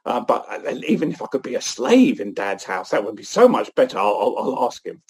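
A man voicing an ashamed young runaway son who talks himself home in hesitant, halting phrases. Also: mid-range voice, big pitch swings, slightly rough. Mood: remorseful. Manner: hesitant, halting self-reproach.

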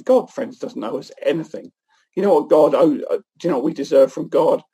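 A man giving an earnest, animated sermon-like talk at a church event. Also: on the high side, a little fast, breathy edge. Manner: earnest, animated, often restarts phrases. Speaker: guest speaker at a church event.

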